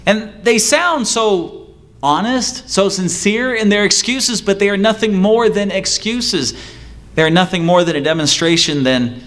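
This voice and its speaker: Pastor guy preaching a sermon, kinda high voice, repeats lines for emphasis, does voices of people making excuses. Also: animated, a bit bright. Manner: emphatic preaching with rhetorical questions and repetition; acts out excuse-makers in a higher, quicker voice.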